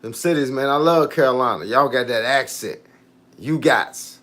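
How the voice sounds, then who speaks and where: A man's voice: mid-range voice, fairly quick, a bit bright. Laid-back man chatting on a live stream. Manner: laid-back, repeats "hey, look" and reads out viewer comments. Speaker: fitness coach livestreaming. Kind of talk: casual livestream chat with viewers.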